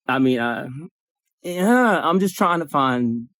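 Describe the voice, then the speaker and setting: A man in a support circle telling an emotional personal story, acting out the dialogue in lively bursts and swearing now and then. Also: a little high, slow pace, dry recording, clean studio sound. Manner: animated, acts out dialogue, swears.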